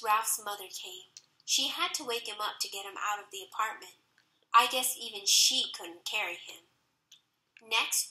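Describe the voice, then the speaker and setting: Bright, lively woman reading a children's book. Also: medium pitch. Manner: lively first-person storytelling with character voices. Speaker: audiobook narrator. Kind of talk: children's audiobook narration. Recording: roomy echo.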